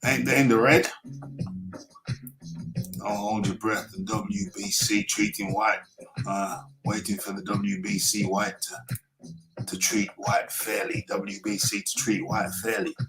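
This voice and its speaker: A man's voice: lowish voice, flat delivery, measured pace, over music, poor audio. A man hosting a live talk show, speaking emphatically and repeating himself as he reads the chat. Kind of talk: casual live-stream talk.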